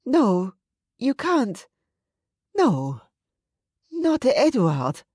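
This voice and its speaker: A woman voicing an emotional young female head chef in an audiobook, her pitch raised and urgent. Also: animated, normal speed, dark tone, no echo, studio quality, close to an everyday voice. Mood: distressed.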